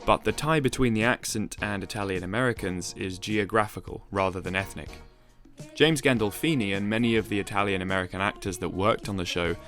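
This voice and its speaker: A man giving a measured, explanatory, scripted narration for a video essay. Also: fairly low pitch, a bit bright, soft background music.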